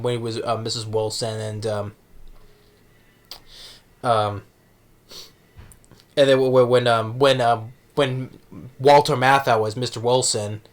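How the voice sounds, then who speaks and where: A man talking casually as a movie reviewer, halting with many restarts and fillers. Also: medium pitch. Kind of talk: casual vlog talk.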